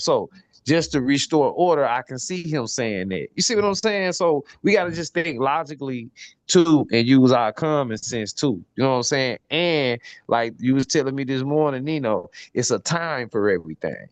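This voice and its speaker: A man's voice: mid-range voice, animated, moderate pace, no echo. A man hosting a podcast panel, talking casually and urging viewers to like, share and subscribe. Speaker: podcast host.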